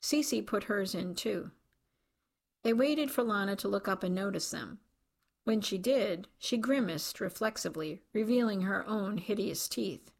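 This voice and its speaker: A woman reading a novel aloud in scripted, measured narration. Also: mid-range voice, lively intonation, creaky. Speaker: audiobook narrator.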